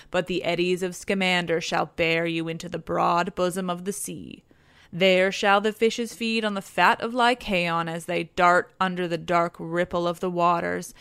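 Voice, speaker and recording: A woman's voice: lowish voice, a bit bright, smooth, no echo. A woman reading the lines of a proud, wrathful male warrior hero from an ancient epic, in a stern and scornful tone.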